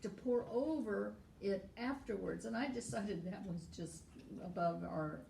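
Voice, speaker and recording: A woman cook with a gravelly edge to her voice, trading dry, understated quips. She sits well back from the mic in a roomy kitchen, with a faint hum behind her. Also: mid-range voice, a little slow, mellow, recorded from a distance. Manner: dry, understated humor with easy laughs. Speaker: home cook on the show. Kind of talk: casual chat. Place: home kitchen.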